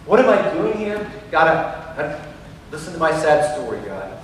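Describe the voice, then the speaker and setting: A weary prophet, put on by a preacher, pleads and complains over and over, sounding sorry for himself. The man's voice sits a touch high. It carries from far off in a roomy hall with a long echo. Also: very animated, moderate pace, slight background noise. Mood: pleading. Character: weary, self-pitying male prophet pleading with God.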